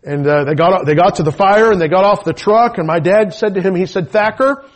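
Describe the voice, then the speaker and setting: A middle-aged man, a pastor, preaching a sermon with personal testimony and moving from quiet storytelling to shouted preaching. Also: high-pitched, fairly quick.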